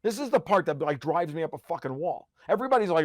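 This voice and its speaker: A man with a fairly high voice, ranting as a podcast guest in a profane, sarcastic way and often stumbling and restarting mid-sentence. The sound is dry and close, with no room echo. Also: sing-song, fast. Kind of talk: heated conversational rant.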